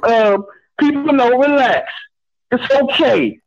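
Male caller, high voice, laid-back, reassuring, muffled lo-fi phone line. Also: animated, slow. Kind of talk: call-in radio chat.

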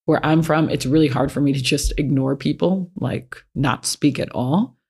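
A frank self-help speaker talking casually in a middle-pitched voice. They speak plainly from personal experience and hammer home key points by repeating them. The delivery is relaxed and conversational, not scripted. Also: moderate pace, slightly rough. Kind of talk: casual advice talk.

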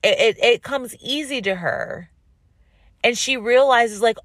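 A woman host telling a story in a casual, animated way, rambling with frequent restarts. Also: on the high side, unhurried, no room sound, clean studio sound.

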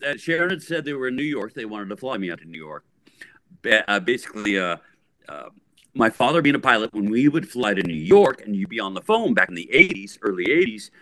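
During a relaxed interview, a middle-aged musician on as a guest tells an extended story that wanders, full of energy and frequent restarts. His voice is fairly low, and the recording is dry.

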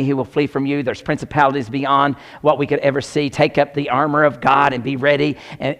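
Joking, animated preacher man. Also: a little high. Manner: animated, joking, talks to the congregation directly. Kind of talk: sermon.

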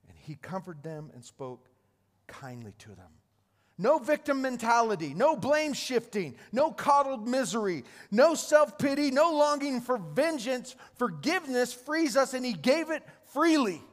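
High-voiced preacher in a reverberant hall. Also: male voice, big pitch swings, unhurried. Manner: retelling scripture with restarts and repeated words. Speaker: pastor. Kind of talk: sermon.

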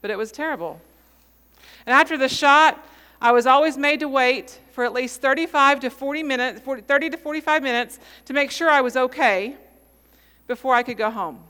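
A woman in her forties preaching a sermon, telling a story with measured, dramatic pauses. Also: high voice, bright, forceful tone, clear, resonant tone, big-room sound. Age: 40s.

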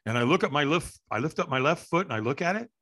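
Lively husky middle-aged man telling a story. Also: a little high, fast. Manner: lively, acts out quoted voices and shouts. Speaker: interview guest, firewalk instructor. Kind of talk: animated storytelling in an interview.

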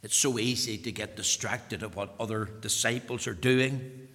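A man's voice: fairly low pitch, normal speed. Emphatic preacher man in a reverberant hall. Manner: emphatic, repeating phrases, rising to loud peaks. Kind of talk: sermon.

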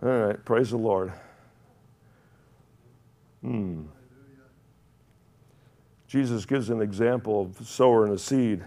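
A man's voice: on the low side, slow pace, long pauses, dark tone. A man preaching a sermon, rambling and correcting himself, then building to fervent emphasis.

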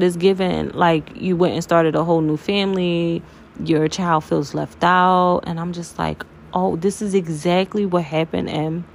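A woman's voice: lowish voice, creaky, a little hiss or hum. A young adult woman hosting a podcast and talking openly and emotionally about her own life, swearing freely and calling her listeners y'all. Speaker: podcast host. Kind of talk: candid personal podcast monologue.

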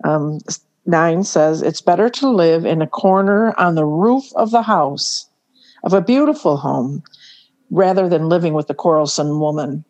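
A middle-aged woman co-hosting a faith podcast, chatting casually, laughing often and slowing down to stress words. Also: deep voice, darkish tone, highs cut off. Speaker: podcast co-host.

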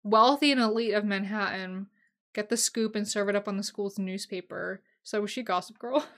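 A young woman hosting a casual solo podcast, gushing and emotional, swinging between loud excited bursts and quiet asides. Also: mid-range voice, normal speed. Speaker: podcast host.

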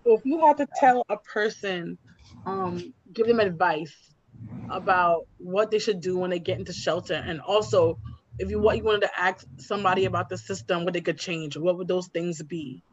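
An interviewer asking a question in a soft, hesitant way. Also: mid-range voice, moderate pace, lo-fi sound, a little hiss or hum.

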